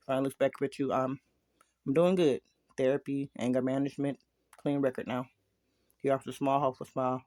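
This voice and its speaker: A man's voice: medium pitch, flat delivery, fairly quick, a little mellow, no echo. A man casually reading a fan story aloud, dropping chatty asides to listeners. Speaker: story reader.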